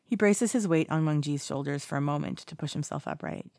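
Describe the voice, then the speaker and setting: Low, gravelly woman narrating a story. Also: fairly quick, a little mellow, dry recording, studio quality. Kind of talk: audiobook narration of fiction.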